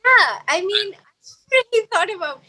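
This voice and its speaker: A woman's voice: very high voice, animated, measured pace, sharp tone, low-quality recording. A woman reflecting aloud in a casual group conversation over a video call, hesitant and full of filler words. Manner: musing, hesitant, many "like" fillers. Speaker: panel participant.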